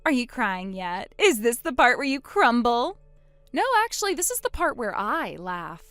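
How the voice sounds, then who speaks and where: A woman's voice: fairly high pitch, sing-song, normal speed, a bit bright, clean tone, dry recording, faint music behind. A woman voicing a boastful, spiteful young woman who mocks her sister in a text-story drama. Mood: gloating. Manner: smug, mocking, gloating.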